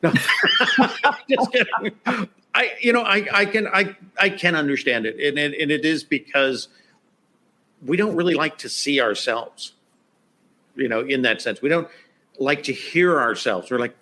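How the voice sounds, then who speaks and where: A man's voice: a little high, animated, unhurried, bright, forceful tone. A man guest on a podcast interview, talking casually with lots of "you know" and "right?". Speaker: guest expert.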